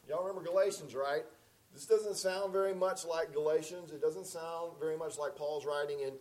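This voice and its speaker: A man's voice: fairly high pitch, darkish tone, poor audio. A man preaching a sermon as pastor in a conversational, folksy way with many fillers.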